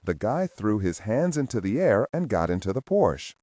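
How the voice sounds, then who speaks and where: A man narrates a thriller audiobook in a low, dark voice. His pitch moves widely as he tells the story in a measured way. The sound is dry and close. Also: big pitch swings, no room sound. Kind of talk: scripted narration.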